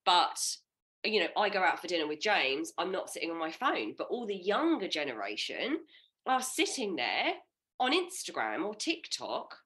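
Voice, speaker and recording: A middle-aged woman co-hosting a podcast has a bright, clear tone. Her pitch swings up and down as she chats. She agrees readily and echoes her guest's words. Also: very animated. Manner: chatty, agreeable, quick to echo the guest. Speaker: podcast co-host. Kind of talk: casual podcast chat.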